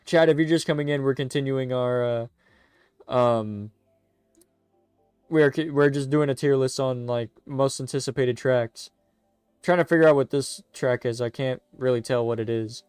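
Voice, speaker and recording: A man's voice: medium pitch, normal speed, smooth, no room sound, faint music behind. A man streaming and chatting casually, rambling and stammering as he corrects himself mid-sentence. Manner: rambling, stuttering, self-correcting; excitable, chatty. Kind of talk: casual live-stream commentary.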